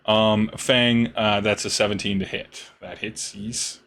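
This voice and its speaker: A man's voice: fairly low pitch, level tone, a bit bright. A man running a tabletop game as game master, narrating a monster's turn with frequent fillers and chuckles. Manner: halting, many fillers, chuckling.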